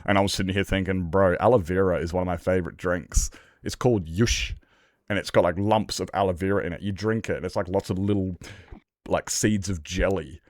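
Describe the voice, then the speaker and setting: A man's voice: low-pitched, fairly even intonation, brisk, no echo. A man chatting casually and swearing while he streams a game, breaking into laughter as he tells stories. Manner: sweary, storytelling, laughs often. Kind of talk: casual gaming stream chat.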